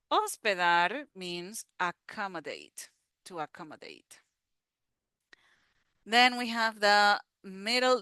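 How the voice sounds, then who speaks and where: A woman teaching a slow pronunciation lesson, patiently repeating each word. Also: mid-range voice, pushed and bright, smooth, no room sound. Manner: patient, repeats words slowly. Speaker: Spanish teacher.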